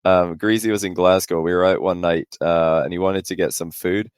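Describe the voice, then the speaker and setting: A young man, a podcast guest, chatting casually and rambling through animated anecdotes. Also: sits low, normal speed, clear, resonant tone, no room sound, studio quality. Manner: rambling storyteller, animated when telling anecdotes. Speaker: podcast guest, esports pro.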